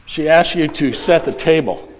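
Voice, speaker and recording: A man's voice: on the high side, normal speed, rough recording. A middle-aged man preaching a sermon, reading a children's quiz aloud with playful voices. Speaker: pastor.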